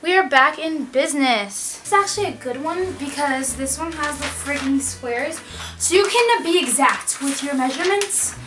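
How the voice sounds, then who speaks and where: Wrapping presents in a room at home, a young adult woman vlogs in a high, fairly bright, expressive voice at a moderate pace. She rambles, mocks herself, and loses her train of thought easily. Recorded from a distance on a camera mic, the sound echoes and has music underneath.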